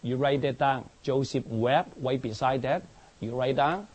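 Slow-paced preacher man. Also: mid-range voice, darkish tone. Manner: repeats words and restarts, asks the congregation if they understand. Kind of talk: sermon.

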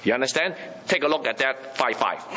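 A man's voice: mid-range voice, lively intonation, brisk, sharp tone, dull audio, slight background noise. Emphatic man preaching a Bible lesson. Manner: emphatic, repetitive, often asks the listeners "you understand?". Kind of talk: Bible teaching sermon.

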